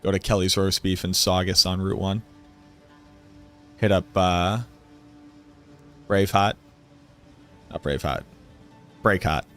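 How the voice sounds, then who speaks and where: A man's voice: low-pitched, fairly even intonation, moderate pace, pauses often, faint music behind. A man in his thirties with a Boston accent, chatting casually and rambling on a game stream. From North Shore of Boston, USA.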